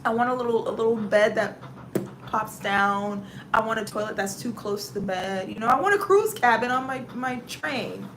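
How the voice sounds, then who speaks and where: With a Southern US accent, a woman hosting a casual livestream tells stories punctuated by dramatic exclamations and reads out viewer comments in an animated way. Her voice is a little high at normal speed, against a noisy background.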